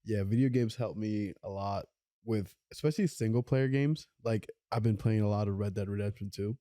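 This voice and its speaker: A man's voice: fairly low pitch, dark tone, dry recording, clean studio sound. Laid-back young man from Puerto Rico. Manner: laid-back, halting, repeats words. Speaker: podcast co-host. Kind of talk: casual chat.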